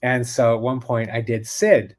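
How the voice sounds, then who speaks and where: A man with a mellow, easygoing manner, chatting casually as a guest and telling stories. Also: mid-range voice, little pitch movement, normal speed. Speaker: guest, card magician. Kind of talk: casual chat.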